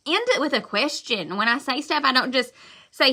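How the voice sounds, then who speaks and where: A woman talks loudly and emphatically in a live-stream pep talk, blunt but quick to apologize. Her voice is bright and forceful, set a little high. She rambles, circling back to the same points. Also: animated. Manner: loud and fired up, talks emphatically. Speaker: direct-sales consultant.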